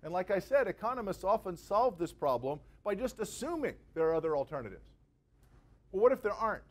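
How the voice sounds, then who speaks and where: A man gives a guest lecture at a university before a live audience, keeping it conversational and jokey with everyday examples. His voice is high with big pitch swings, and he talks a little fast.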